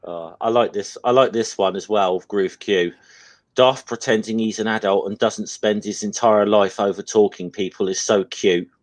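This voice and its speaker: A man's voice: lowish voice, steady tone, moderate pace, no room sound, rough recording. A British man in casual chat, reading comments aloud in an easygoing way. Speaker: guest.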